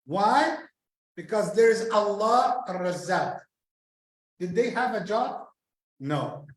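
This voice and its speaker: A man's voice: high voice, animated, takes it slowly, echoey room, poor audio. A man giving a sermon as imam, telling a personal story, repeating phrases and acting out the quoted exchanges. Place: mosque prayer hall.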